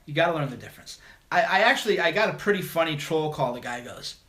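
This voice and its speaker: A man's voice: a little high, lively intonation, fast, bright, forceful tone. A man hosting a call-in livestream, talking bluntly and mocking his critics in a combative monologue. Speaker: livestream host.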